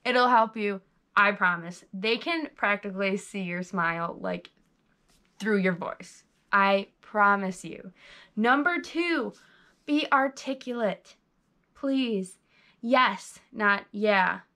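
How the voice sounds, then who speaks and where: A woman's voice: mid-range voice, slow, pushed and bright. A young woman giving chatty, bubbly interview tips to her viewers, recorded on a GoPro camera. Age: young adult. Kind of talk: casual tips vlog.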